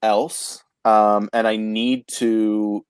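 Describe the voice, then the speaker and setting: A man from Canada hosting a casual talk show, halting and stammering with frequent restarts. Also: lowish voice, little pitch movement, clear, resonant tone, no echo. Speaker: podcast host. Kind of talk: casual chat.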